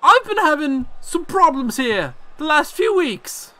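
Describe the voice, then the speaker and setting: A man's voice: big pitch swings, a little slow, sharp tone, dry recording, heavily acted. A man voicing a cocky Irish woman wrestler in a mock Irish accent, delivering a defiant video game promo with brash trash talk. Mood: aggrieved. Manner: brash trash talk, higher than his own voice.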